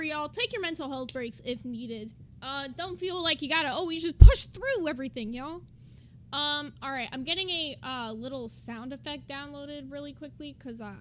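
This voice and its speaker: A woman's voice: high-pitched, lively intonation, moderate pace, a bit bright, a little hiss or hum. A woman streamer giving blunt, profane, exasperated commentary while reacting to a clip.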